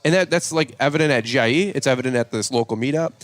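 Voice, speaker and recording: A man's voice: mid-range voice, rapid-fire, dry recording. A man hosting a casual podcast chat, rambling with many fillers and restarts. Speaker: podcast host and lawn care content creator.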